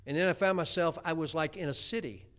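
A man's voice: a little high, quick pace, fairly bright tone. A middle-aged man preaching a homespun sermon, chatty, with many stammered restarts. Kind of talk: folksy sermon.

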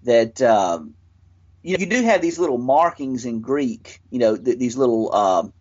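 A man's voice: medium pitch, big pitch swings, measured pace, darkish tone. A man explaining earnestly in casual discussion, often restarting his sentences. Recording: dull lo-fi audio.

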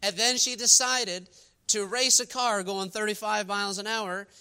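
A male pastor with a high, very bright voice gives a sermon. He talks like he is telling a story to friends, full of "you know" and "uh", and grows earnest and emphatic. His tone is smooth and clear. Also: fairly even intonation, normal speed. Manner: conversational storytelling with frequent fillers; earnest, rising to emphatic preaching.

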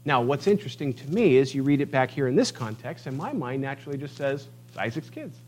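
A man preaching a sermon, emphatic, swinging between quiet asides and loud declarations as he reads scripture. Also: medium pitch, lively intonation, quick pace. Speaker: pastor.

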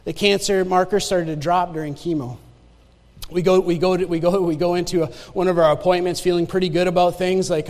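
A man's voice: sits high, fairly even intonation, brisk, a little mellow. A male pastor preaching a sermon, telling a personal story with emphatic repetition and asking the congregation for an "Amen.". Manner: emphatic, repeats key phrases, asks the congregation "Amen?". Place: church sanctuary. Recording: long reverb of a church hall.

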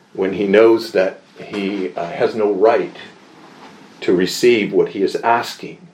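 A man teaching a Bible lesson in a measured, deliberate way, pausing often with small fillers and leaning into the verses he quotes. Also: deep voice, a little mellow. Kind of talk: slow expository Bible lesson.

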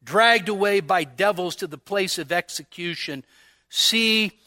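High, bright-voiced preacher reading dramatically. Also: male voice, a little slow. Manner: dramatic, solemn reading of old-fashioned sermon prose. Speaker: pastor. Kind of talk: sermon. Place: church service.

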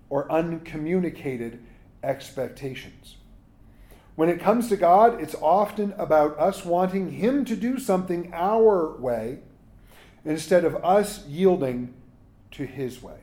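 Mellow-voiced pastor, chatty sermon. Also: male voice, a little high. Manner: casual, asks "right?" often, jokes with listeners. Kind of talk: conversational sermon.

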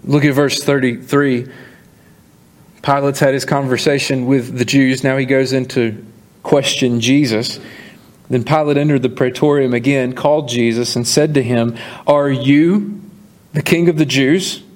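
A pastor preaching a sermon, earnest, slowing down to stress key points and acting out the dialogue of scripture. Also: male voice, mid-range voice, fairly even intonation. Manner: earnest preaching, slows for emphasis, acts out dialogue.

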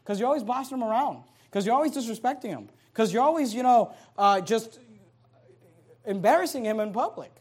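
Animated preaching man. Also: extremely high pitch, fairly quick, breathy edge. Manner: animated, swings between loud emphasis and quiet asides; reads scripture aloud in King James wording. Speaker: pastor. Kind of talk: sermon.

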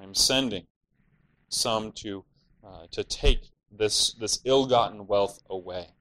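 A man's voice: fairly low pitch, slow, pushed and bright, rough recording. A man preaching an expository sermon, explaining scripture earnestly and at times voicing the villains' laments in a mocking tone.

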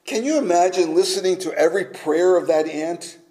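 A man preaching a sermon slowly and emphatically, sometimes dropping to a near-whisper for effect. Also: high-pitched, warm tone, low-quality recording.

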